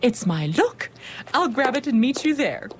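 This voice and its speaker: A woman playing a vain, bossy company manager in an audio drama, brisk and self-important. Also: high voice, big pitch swings, a little hiss or hum.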